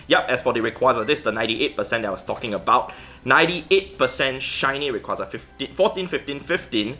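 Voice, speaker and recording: Casual male vlogger, bright tone, loose rambling delivery over a faint music bed. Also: fairly low pitch. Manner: rambling, many fillers and restarts. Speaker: Pokemon GO vlogger. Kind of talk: casual commentary over gameplay.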